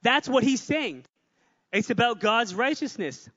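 A man's voice: extremely high pitch, sing-song, unhurried, fairly bright tone, big-room sound, dull audio. A man preaching a sermon with energy, repeating phrases for emphasis and adding joking asides. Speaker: pastor.

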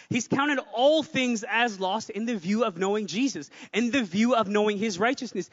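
A man's voice: very high voice, a bit bright, big-room sound, muffled recording. A man preaching a sermon with energy, repeating phrases for emphasis and adding joking asides. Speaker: pastor.

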